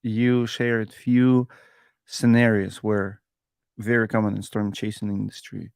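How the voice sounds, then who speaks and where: A man's voice: on the low side, level tone, measured pace, gravelly, darkish tone, no echo, studio quality. A man hosting a casual podcast, asking his guest questions with slightly non-native phrasing. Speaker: podcast host.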